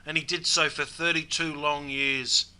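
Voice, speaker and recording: Bright Australian man saying "mate" a lot. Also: a little high, level tone, unhurried, smooth, poor audio. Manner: drops "mate" into nearly every sentence, dry storyteller. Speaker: host explaining slang. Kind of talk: scripted comic narration.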